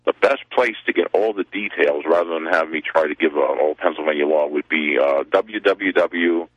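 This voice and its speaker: A man speaking as a radio guest, explaining things in a measured way, with hesitations and self-corrections. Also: a bass voice, no echo. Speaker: guest, open-carry group member. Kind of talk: radio interview answers. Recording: dull lo-fi call-in audio.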